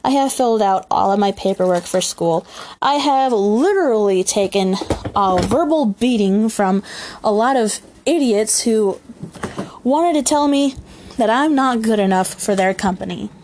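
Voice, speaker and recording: Speaking a little slowly with lively intonation, this young woman has a medium-pitched, girlish voice. She rambles through a casual solo chat on her own podcast, recorded in a room at home with some background noise, and laughs a lot.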